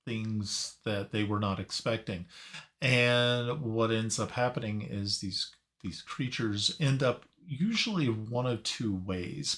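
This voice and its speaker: A man narrating a tabletop game as game master, halting and searching for his words. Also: on the low side, a bit bright.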